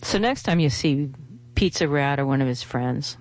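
A woman's voice: deep voice, lively intonation, moderate pace. A woman radio host, talking in a rambling, chatty way full of fillers and restarts. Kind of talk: casual radio monologue with pledge appeal.

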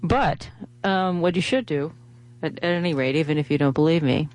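A woman's voice: low voice, moderate pace, hardly any pauses, darkish tone, no echo. A woman radio host, talking in a rambling, chatty way full of fillers and restarts. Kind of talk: casual radio monologue with pledge appeal.

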